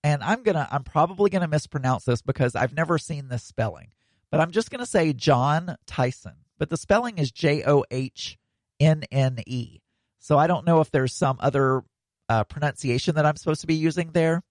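A man's voice: a little high, no echo. Guy rambling thru his solo podcast, lots of ums and restarts, dry sound. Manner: rambling, many fillers and restarts. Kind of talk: casual solo podcast monologue.

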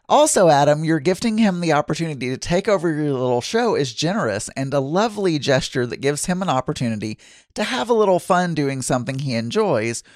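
A man's voice: fairly high pitch, no room sound, clean studio sound. A man from Arkansas hosting a casual solo podcast, reading listener messages aloud in a chatty, self-deprecating way. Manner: chatty and self-deprecating, with frequent laughs and restarts. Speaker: podcast host.

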